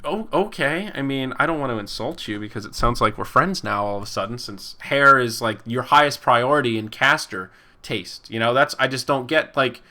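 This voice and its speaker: A man's voice: medium pitch, a little fast, bright, forceful tone. A man in his twenties hosting a casual podcast, rambling and chuckling as he reads viewer comments and acts out the people he quotes. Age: 20s. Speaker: podcast host and esports caster. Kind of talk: casual chat reading live chat.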